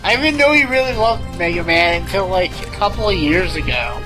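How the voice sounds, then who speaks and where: A man's voice: high-pitched, animated, a little fast, music in the background. A man chatting casually on a podcast in a teasing, playful way. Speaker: podcast co-host. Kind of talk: casual chat.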